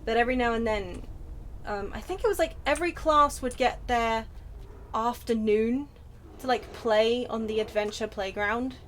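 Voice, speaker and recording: A woman's voice: fairly high pitch, normal speed. A woman in her thirties with a British accent, chatting casually while streaming a game. She rambles from story to story with self-deprecating asides. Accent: British English. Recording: noisy home stream audio.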